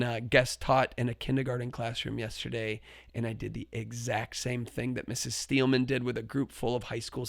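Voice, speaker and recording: A man hosts a podcast and tells a story with lively swings, his voice jumping up when he acts out his own shouts. He sits at a middle pitch, and the recording is dry and close, with no room sound. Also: creaky, no echo. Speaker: podcast host and teacher. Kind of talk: storytelling monologue.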